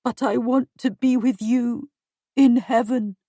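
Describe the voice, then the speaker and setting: A frightened dying king whines and stammers through his words, dragging each one out, voiced by a woman reading aloud. The delivery is unhurried and the sound is dry and close. He sounds self-pitying and childlike. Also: fairly high pitch, steady tone, dark tone, no echo. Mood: pleading. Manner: slow, stammering, pleading.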